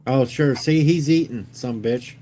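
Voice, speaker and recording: A man's voice: medium pitch, a little slow, dark tone, slight background noise. Man making dry joking asides. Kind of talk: casual late-night stream chat.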